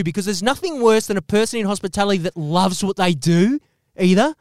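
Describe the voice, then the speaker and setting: An Australian man hosting a podcast, delivering a profane, animated comedic rant and swearing constantly. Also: high voice, brisk, no room sound, studio quality. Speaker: podcast host.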